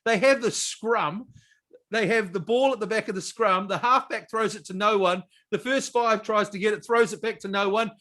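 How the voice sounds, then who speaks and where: Co-hosting a sports podcast, a man with a voice that sits noticeably high for a man talks at normal speed. He's blunt and excited in casual chat, swearing freely and laughing easily.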